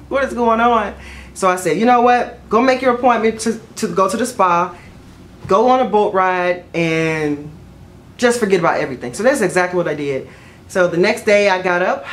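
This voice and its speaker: A woman vlogger telling a personal story in a chatty, rambling way, full of fillers and self-corrections, jumping up in pitch whenever she quotes herself. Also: a little hiss or hum. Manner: jumps high in pitch when quoting herself. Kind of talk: casual storytelling to camera.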